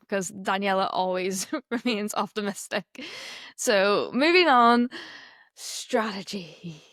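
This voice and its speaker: A woman co-hosting a motorsport podcast in casual chat, laughing often and exasperated, with quick asides. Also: mid-range voice, fairly bright tone, dry recording, studio quality. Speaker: podcast co-host.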